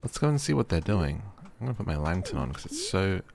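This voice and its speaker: A man's voice: low voice, big pitch swings, quick pace, creaky, a little mellow. A young man casually commenting while playing a cozy game, chatty and playful, easily delighted. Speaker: gaming video creator. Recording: game music behind.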